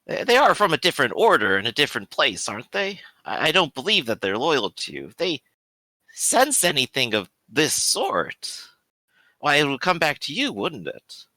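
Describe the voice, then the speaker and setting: A man's voice: on the high side, wildly swooping pitch, normal speed, pushed and bright, no room sound, voice pushed up, full character voice, rough recording. A man voicing a nervous male priest in a tabletop game, asking careful, probing questions. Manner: cautious, questioning, a little nervous.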